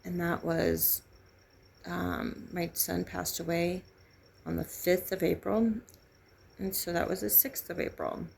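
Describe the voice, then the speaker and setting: A middle-aged woman telling a painful personal story in halting, grieving, raw speech. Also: lowish voice, lively intonation, creaky, a little mellow, a little hiss or hum. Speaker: vlogger sharing a personal story. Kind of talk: candid personal testimony.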